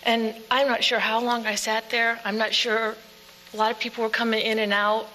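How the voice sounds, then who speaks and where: Bright-voiced woman telling her story. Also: medium pitch. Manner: earnest, plain storytelling with quiet passages. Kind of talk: personal testimony speech. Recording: echoey hall with faint hum.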